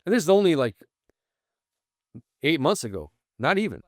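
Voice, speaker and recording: A man's voice: fairly high pitch, big pitch swings, moderate pace, darkish tone, dry recording, clean studio sound. A man, a podcast guest telling a long story casually, full of fillers and restarts. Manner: rambling, many fillers and restarts. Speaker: interview guest, founder.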